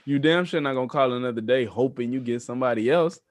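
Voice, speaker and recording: A man's voice: mid-range voice, fast talker, no echo. A young man co-hosting a podcast, talking in a laid-back, reflective way and explaining things at length. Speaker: podcast co-host. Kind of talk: casual chat.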